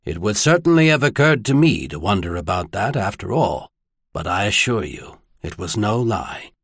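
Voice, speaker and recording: A solemn middle-aged cleric from an audiobook, voiced by a man, talking in a flat, controlled way with quiet intensity. The tone is slightly husky and the recording sounds dry and close. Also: on the low side, normal speed, dry recording, full character voice. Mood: grave.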